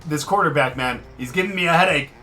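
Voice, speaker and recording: A man giving live commentary over his own football video game, swinging from muttered frustration to loud excitement. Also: fairly high pitch, quick pace, soft background music. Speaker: gaming commentator.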